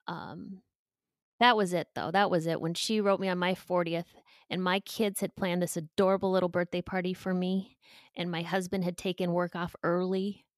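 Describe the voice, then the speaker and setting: A woman's voice: fairly low pitch, flat delivery, no room sound, clean studio sound. Candid woman in her forties. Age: 40s. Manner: emotional and candid, with pauses and restarts. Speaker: podcast guest. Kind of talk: candid interview talk.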